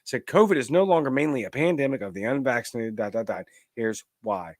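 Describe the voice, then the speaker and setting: A man's voice: medium pitch, lively intonation, a little fast, dry recording, studio quality. A man hosting a political commentary show, ranting emphatically and reading out viewer comments. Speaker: host.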